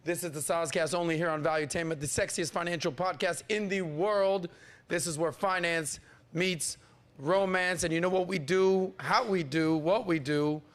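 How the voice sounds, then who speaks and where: A male podcast host with a fairly high voice and a hype-man energy. He talks in a loose, playful way, teasing the people around him as he runs the show. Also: steady tone, normal speed. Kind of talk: hyped-up casual podcast hosting.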